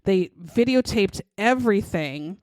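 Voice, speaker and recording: Woman co-host, mid-pitched, blunt and profane, acts out quotes; dry, close recording. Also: expressive, a little slow, darkish tone, dry recording. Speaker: podcast co-host. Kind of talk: casual true-crime chat.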